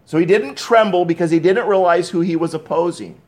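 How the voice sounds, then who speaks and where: A man's voice: high voice, brisk, a little mellow. A man preaching a sermon, emphatic and repeating key phrases, with conversational asides between scripture readings. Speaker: pastor.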